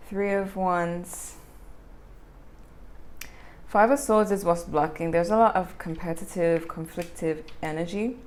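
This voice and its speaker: Chatty woman reading tarot cards. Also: lowish voice. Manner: chatty, self-correcting, laughs often. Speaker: tarot reader.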